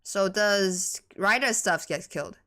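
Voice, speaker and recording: A woman from Taiwan with a Taiwanese accent, a native Mandarin speaker, doing chatty, excitable live esports commentary in English. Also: mid-range voice. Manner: excitable, chatty, quick to laugh and gasp. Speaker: esports caster.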